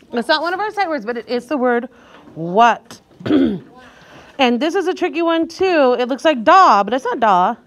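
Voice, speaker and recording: Her voice high and bright, a woman teaches young kids to read through a guided reading lesson. She stays lively and supportive, sounding out every difficult word slowly and inviting the class to join in reading.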